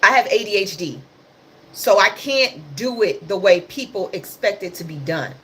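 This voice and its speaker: A woman's voice: medium pitch, lively intonation, moderate pace, sharp tone, slight background noise. A woman hosting a casual livestream, talking about the news in a passionate, sarcastic and blunt way. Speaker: livestream host.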